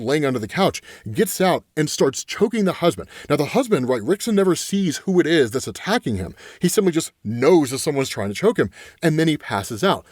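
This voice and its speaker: A man's voice: a little high, no echo, studio quality. A man casually retelling a comic book story, acting out the characters' lines and often tagging sentences with "right?". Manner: animated storyteller, acting out quotes, filler "right?".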